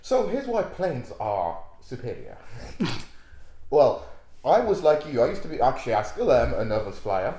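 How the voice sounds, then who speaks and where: Man, laid-back co-host, mellow voice, lively pitch, echoey room. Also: normal speed. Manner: jokey interjections, earnest when explaining. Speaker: podcast co-host. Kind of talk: casual chat.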